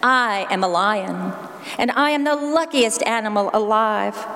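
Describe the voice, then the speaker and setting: Sly, menacing male lion king, put on by a woman preacher; lowered, hushed, reverberant. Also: measured pace.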